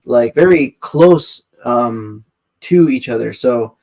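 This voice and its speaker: Male co-host, middle-pitched, rambling casual talker. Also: animated, slow, a little mellow. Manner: chatty, hesitant, lots of fillers. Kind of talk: casual podcast chat.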